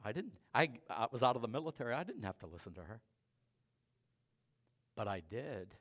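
A man preaching a sermon and sharing his own testimony, swinging between loud emphatic preaching and quiet confessional storytelling. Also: medium pitch, big pitch swings, normal speed.

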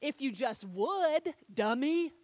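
A middle-aged woman preaching a sermon, telling a story with animated swings between loud and soft and putting questions to her listeners. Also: high-pitched, takes it slowly. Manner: talks with the audience, asks them questions.

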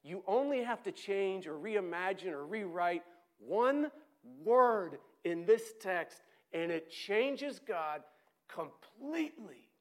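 A man preaching a sermon, acting out shouted voices and dropping to quiet asides. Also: high-pitched, takes it slowly. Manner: animated, acts out shouted voices, drops to near-quiet asides.

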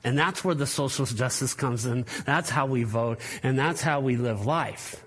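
A man, a pastor, preaching a sermon in a church, animated and joking with the congregation, repeating words when worked up. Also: medium pitch, normal speed, breathy edge. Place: church sanctuary.

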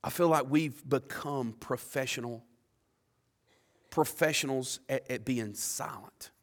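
A man preaching a sermon with passion, repeating words and swinging from quiet asides to loud declarations. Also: medium pitch, takes it slowly.

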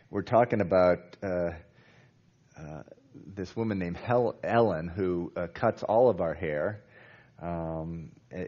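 A man's voice: low-pitched, mellow, lo-fi sound. A man preaching a sermon in a conversational way, with many fillers and restarts, growing emphatic as he goes. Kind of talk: sermon on a Bible passage.

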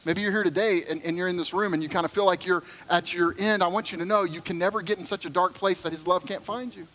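A man's voice: high voice, steady tone, fast talker, a bit bright, low-quality recording. A middle-aged man preaching a sermon as pastor, conversational and joking, then earnest.

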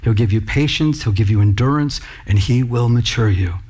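A man's voice: mid-range voice, moderate pace, darkish tone, slightly rough. A man preaching a sermon in church, talking conversationally and with emphasis, calling out to the congregation. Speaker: pastor.

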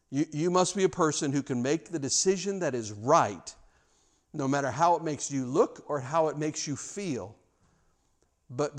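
Earnest preacher man, stammering restarts. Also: medium pitch. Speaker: pastor. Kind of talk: sermon.

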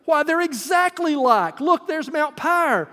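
A preacher reading aloud the lines of an eager young boy, in an excited, exclaiming voice. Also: sits high, measured pace, in a large hall, full character voice.

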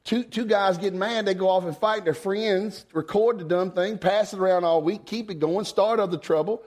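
A man, preaching a folksy sermon. He swings from low asides to high, emphatic exclamations. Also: normal speed, darkish tone. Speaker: pastor.

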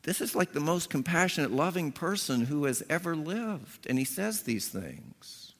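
A man's voice: on the high side, very animated, moderate pace. A man preaching a sermon as a pastor, telling stories and acting out voices with punchy emphasis. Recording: long hall reverb.

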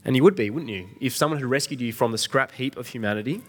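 A man's voice: medium pitch, quick pace. A middle-aged man preaching an Easter sermon in a conversational way, asking the congregation questions. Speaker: pastor.

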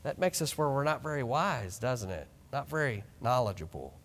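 A man in his thirties preaching a sermon in a church, animated and joking with the congregation. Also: medium pitch, normal speed. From small ranching town. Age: 30s. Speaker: pastor. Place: church sanctuary. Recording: long reverb of a church hall.

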